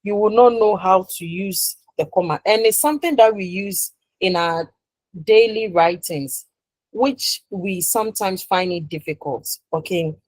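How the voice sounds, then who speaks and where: A woman lectures a class in a mid-pitched voice. She goes over each point more than once and stops to ask "what?" so the class can fill in the answer. Her voice sounds close and dry, with no room echo. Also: unhurried, darkish tone. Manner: leaves sentences open with "what?" for the class to finish; repeats and rephrases points, checking the class follows. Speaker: university lecturer.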